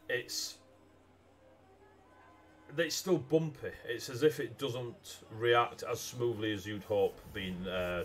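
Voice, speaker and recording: A man narrating a tabletop game as game master, rambling with many ums and uhs over a video call mic. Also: mid-range voice.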